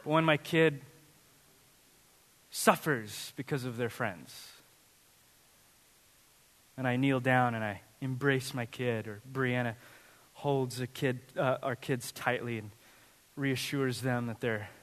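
A man in his thirties preaching a sermon as pastor, telling funny, animated family stories. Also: medium pitch, slow pace, long pauses, in a large hall. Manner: animated, humorous storytelling. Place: church sanctuary.

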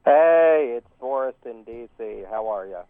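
A caller with a mid-range voice phones into a show and tells a long, rambling story full of restarts and fillers. He's animated and keeps a measured pace, and the phone line sounds dry and tinny.

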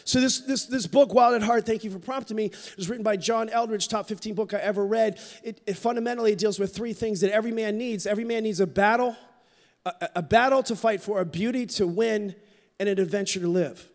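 High-voiced preacher in a reverberant church. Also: male voice, a little fast. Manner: candid, storytelling, drops to a hush for quoted moments. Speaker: pastor. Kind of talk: sermon. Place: church sanctuary. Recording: long hall reverb.

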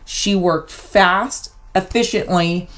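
A middle-aged woman co-hosting a podcast, telling a personal story in a casual, animated way and acting out the back-and-forth. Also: on the low side, slow. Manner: animated storyteller, acts out quoted exchanges. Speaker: podcast co-host.

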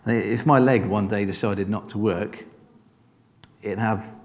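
Speaking slowly in a steady, darkish, lowish voice, a man preaches an easygoing sermon under a church hall's long reverb. He keeps lifting his listeners up and asking them rhetorical questions.

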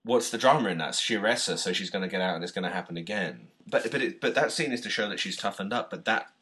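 A British man co-hosting a podcast, chatting casually about a film, animated, laughing often and restarting his sentences. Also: low-pitched, fast talker. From Britain. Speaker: podcast co-host.

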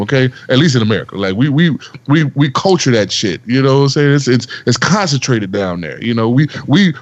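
A man from Texas talks in a casual podcast chat, full of swearing. He tells animated stories and leaps up high to act out what people said. The recording is dry and a bit dull and lo-fi. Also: no echo. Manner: animated storyteller who acts out quotes in a much higher voice; heavily profane. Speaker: podcast co-host. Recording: dry, slightly dull lo-fi audio.

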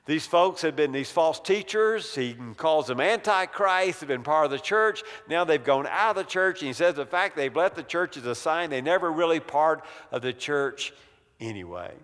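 Male Bible study teacher, slightly high voice, easy conversational delivery that slows on key words, long church-hall reverb. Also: animated, a bit bright. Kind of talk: evening Bible study lecture.

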